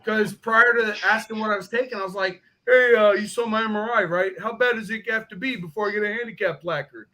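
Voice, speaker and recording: A man's voice: high voice, a little fast, few pauses, pushed and bright. A man hosting a casual live stream, telling profane, joking stories and laughing often. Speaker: host of a live motorcycle stream.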